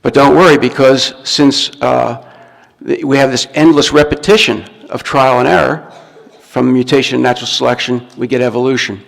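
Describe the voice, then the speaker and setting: A man's voice: mid-range voice, fairly even intonation, moderate pace, vocal fry. A man giving a recorded lecture, explaining step by step and often restarting his words. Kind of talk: recorded talk to an audience. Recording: long reverb from a hall.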